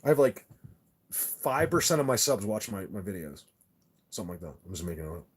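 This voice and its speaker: A man's voice: lowish voice, very animated, a little fast, breathy edge. Rambling, insistent man chatting with viewers. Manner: rambling, with many restarts and repeated words; earnest and insistent. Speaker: channel host talking to live chat viewers. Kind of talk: casual livestream chat.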